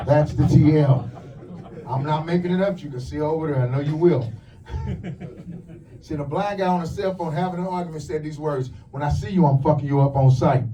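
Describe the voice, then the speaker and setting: A man doing a stand-up comedy set in a club, telling crude, punchy stories with quick asides. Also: a little high, warm tone, distant mic, poor audio. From lives in the USA.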